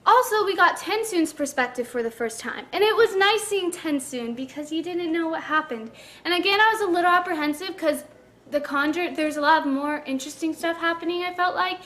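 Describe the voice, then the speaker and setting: A woman's voice: sits high, lively intonation, brisk, a bit bright. A woman reviewing a book in a casual vlog, gushing and chatty with lots of "like" fillers.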